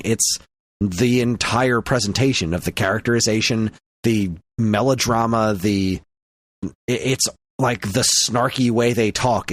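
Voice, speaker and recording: Animated man ranting on a podcast. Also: fairly low pitch, dry recording. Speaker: podcast co-host. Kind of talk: casual chat.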